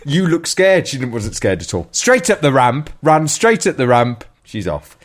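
A man, co-hosting a show and telling a story in lively casual chat, often laughing and swearing. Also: medium pitch, normal speed. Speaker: radio co-host.

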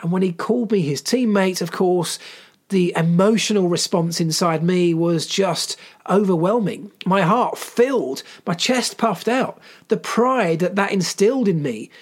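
A man's voice: sits high, a little slow. A middle-aged man, a former mechanic, telling a personal story in an earnest, emphatic way and repeating phrases for weight. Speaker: former Formula One mechanic.

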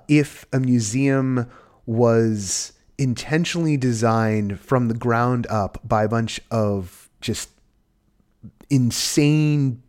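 Male podcast host, animated, rambling delivery, average pitch. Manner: animated, rambling, full of restarts. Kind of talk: casual podcast hosting.

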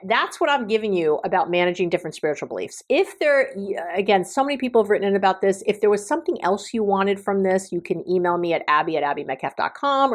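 A middle-aged woman hosting a relationship podcast as a therapist, talking casually and effusively to her listeners. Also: mid-range voice. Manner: warm, effusive, affectionate toward listeners. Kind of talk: casual solo podcast talk.

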